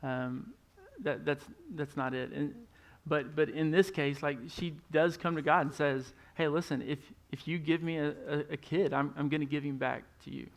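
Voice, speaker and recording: A Texan man preaches a Sunday sermon in a loose, conversational way, doubling back on his words as he goes. His voice sits a little high and carries a gravelly rasp. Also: fairly even intonation, normal speed. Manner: conversational, repeats words at starts of phrases. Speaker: lead pastor. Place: church stage.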